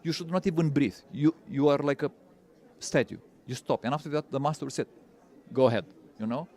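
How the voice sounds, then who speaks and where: A man's voice: mid-range voice, a little fast, darkish tone. Guy teaching spiritual stuff, earnest, keeps repeating words. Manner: earnest, repeats words, non-native phrasing. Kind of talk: interview answers.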